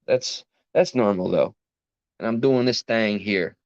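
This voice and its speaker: A man with a New York accent talks to his live chat late at night, tired after a long workday. He rambles earnestly and keeps cutting himself off. His low voice comes through a dry, dull, lo-fi recording. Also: a little slow, a little mellow, no echo. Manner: rambling, self-interrupting, earnest. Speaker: livestream host.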